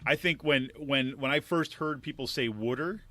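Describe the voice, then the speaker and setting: A man co-hosting a podcast in casual chat, animated and joking, often breaking into laughter. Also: a little high, normal speed, no echo. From not Pennsylvania. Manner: animated, laughs a lot, jokey asides. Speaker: podcast co-host.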